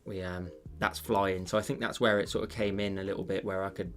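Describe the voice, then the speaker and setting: Casting note: man, low gravelly voice, rambling streamer thanking chat over soft music. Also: flat delivery, a little fast. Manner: rambling, thinks aloud, many fillers and restarts. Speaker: digital painting livestreamer. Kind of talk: casual livestream chat while painting.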